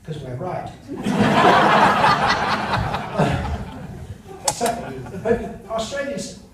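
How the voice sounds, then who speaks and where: Older English comic, high voice, echoey hall. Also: male voice, very animated, very slow. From England. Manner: chatty, teasing asides to the audience. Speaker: comedian and after-dinner speaker. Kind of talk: stand-up storytelling. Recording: echoey hall from far off, loud noise.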